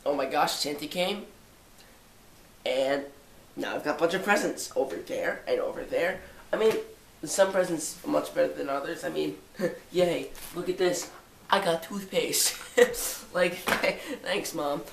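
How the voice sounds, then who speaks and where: A man's voice: on the high side, a little slow, creaky, roomy sound, recorded from a distance, slight background noise. A seventeen-year-old boy with a stuffy nose, vlogging casually at home, rambling with jokey self-mocking asides. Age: 17, teenager. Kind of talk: casual holiday vlog. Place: living room by a tall Christmas tree.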